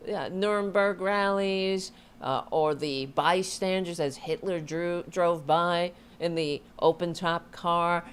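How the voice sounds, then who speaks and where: A woman political commentator with a lowish voice, who talks slowly and deliberately. She reacts to clips with exasperated, sarcastic commentary. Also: clear, resonant tone.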